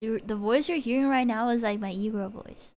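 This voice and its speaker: A woman with a notably high voice chats casually on a home stream. She wanders between thoughts, giggles often and restarts sentences. It sounds like an easy, unscripted ramble into a desk mic. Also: brisk, darkish tone, a little hiss or hum. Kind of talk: casual chat while streaming.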